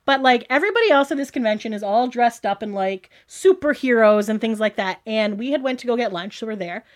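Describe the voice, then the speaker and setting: A woman from the Toronto area, talking in a casual, gushing way that is packed with "like" and acted-out quotes. Her voice sits a little high. She tells her story to an interviewer. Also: lively intonation, a little fast. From Toronto area, Canada. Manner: chatty, gushing, full of "like" and quoted dialogue. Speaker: guest.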